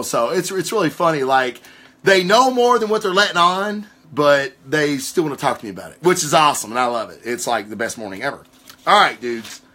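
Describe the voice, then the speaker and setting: A fairly high, bright-voiced man hosts a casual comic review show. His pitch swings widely as he rambles and swears through rants, loose and unscripted. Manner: swearing, rambling, animated storytelling. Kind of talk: casual ranting show commentary.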